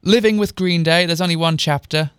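A man's voice: on the high side, brisk, clean tone, no echo, studio quality. A man reading fan fiction aloud in a mocking, dramatic way, breaking off with sarcastic asides. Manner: mocking, exaggerated dialogue voices. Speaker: comedic reader of fan fiction.

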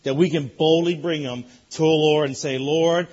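A man preaching a sermon as a pastor, telling a lively story that builds in excitement. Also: on the high side, moderate pace, husky, muffled recording. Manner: animated storytelling, rising loud in excitement.

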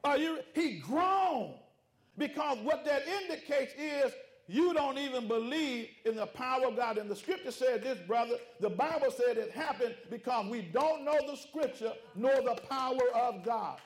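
A man's voice: very high-pitched, normal speed, hardly any pauses. A man preaching a sermon, calling out to his congregation, with rhythmic repetition and informal vernacular speech. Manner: preaching with call-outs to the congregation. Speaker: pastor.

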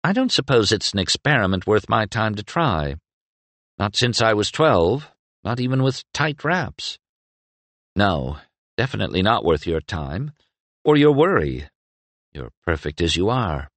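Man voicing a gentle young woman, soft, reassuring, raised pitch, lively lilt. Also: unhurried, dry recording, full character voice.

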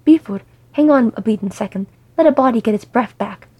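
A woman voicing a cheeky old male dwarf thief, loud, chummy and wheedling. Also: mid-range voice, lively intonation, fast, creaky, husky. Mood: boisterous.

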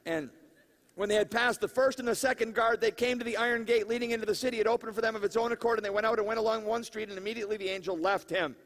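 Animated high-voiced man preaching. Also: racing. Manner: animated, laughing asides, questions to the crowd. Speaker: pastor. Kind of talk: conversational sermon.

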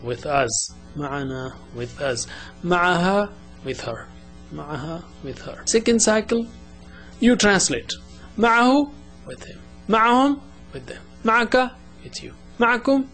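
A man teaching Quranic Arabic words to students, calling each word out and then repeating it softly in a patient, measured classroom manner. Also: a little high. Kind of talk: classroom language lesson with repetition drills.

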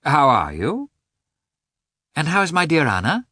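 A man reading aloud, voicing a warm young mother who coaxes and pleads insistently. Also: on the high side, huge pitch swings, unhurried, breathy edge, dry recording, studio quality, voice pushed up, exaggerated voice. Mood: coaxing. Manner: coaxing, insistent.

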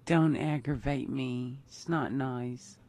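A woman's voice: a bass voice, fairly even intonation, slow, warm tone. A woman chatting casually, giggling and scolding in mock annoyance. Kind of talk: casual chat.

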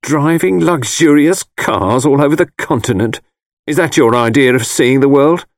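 A man's voice: mid-range voice, moderate pace, no echo, studio quality, pitched above the performer's own voice, close to an everyday voice. A man putting on a stern disapproving mother. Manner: clipped, sharp and reproachful. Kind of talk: audiobook character voice.

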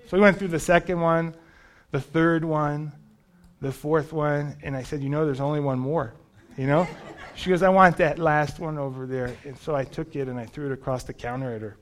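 A man's voice: a little high, normal speed, a bit bright. A man preaching a sermon, telling a personal testimony in a conversational, storytelling way. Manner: storytelling, conversational, self-deprecating.

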